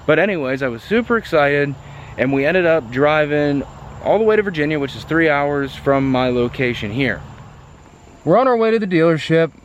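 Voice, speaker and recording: A man vlogging about a car, telling a story to the camera in a chatty, excitable way with lots of fillers. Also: on the high side, slight background noise.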